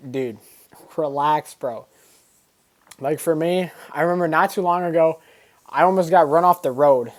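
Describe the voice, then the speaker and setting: A man talking casually to camera in a vlog, rambling with lots of fillers and slang. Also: fairly high pitch. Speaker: vlogger.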